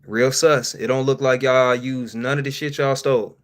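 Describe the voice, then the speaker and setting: A man hosting a casual live-stream Q&A, swearing freely and joking with viewers, laughing often and swinging between loud outbursts and quiet asides. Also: medium pitch, level tone, normal speed. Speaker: streamer host.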